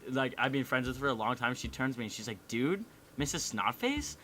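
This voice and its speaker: Young guest, bright mid-pitched voice, laid-back and rambling. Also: male voice, flat delivery, very fast, slight background noise. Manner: laid-back, heavy on "like" and "dude". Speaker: guest animator. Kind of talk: casual storytelling chat.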